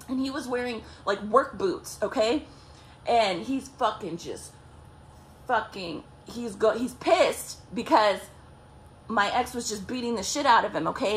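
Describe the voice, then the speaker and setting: A woman's voice: on the high side, a little hiss or hum. A woman vlogger telling a story in a casual, profane way, laughing often and checking in with "okay?" and "like".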